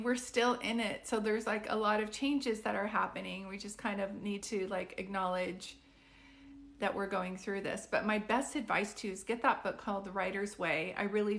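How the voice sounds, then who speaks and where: A woman's voice: mid-range voice, vocal fry, a bit bright. A middle-aged woman giving psychic readings on a live stream, chatty and reassuring, often saying "like" and "do you know what I mean".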